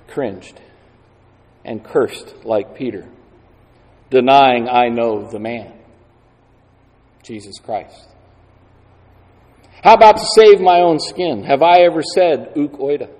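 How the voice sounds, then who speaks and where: A man preaching a sermon slowly and deliberately, leaning on key words for dramatic emphasis. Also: medium pitch, lively intonation, warm tone. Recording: long hall reverb.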